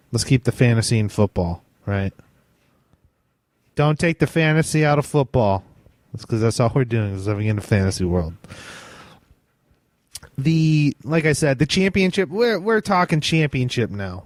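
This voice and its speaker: A man's voice: fairly low pitch, darkish tone, no room sound. A man hosting a fantasy football podcast in a casual, rambling chat, swearing freely and restarting his sentences. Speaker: podcast host.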